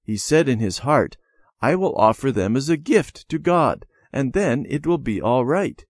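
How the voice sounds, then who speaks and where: A man voicing a patient mother who calmly teaches her children. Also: mid-range voice, a little slow, no room sound, voice pushed up. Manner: calm, instructive storytelling.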